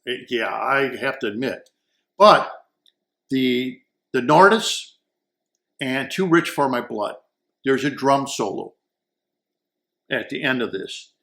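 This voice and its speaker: A man's voice: medium pitch, lively intonation, slow pace, long pauses, a bit bright. A man giving a casual, enthusiastic audio gear review, rambling and repeating words as he searches for the right ones. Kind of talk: casual product review talk.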